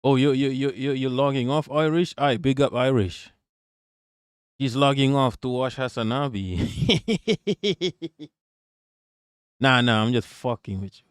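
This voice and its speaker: A man hosting a casual livestream, reacting to a video and shouting out his chat in slangy, profane talk. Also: medium pitch, fairly even intonation, normal speed, clear, resonant tone, no echo, studio quality.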